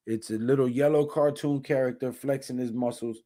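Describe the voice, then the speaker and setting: A man's voice: mid-range voice, steady tone, fairly quick, warm tone, no room sound, clean studio sound. A tired man hosting a casual live stream, reading viewer comments aloud and chatting in a laid-back way. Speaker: livestream host.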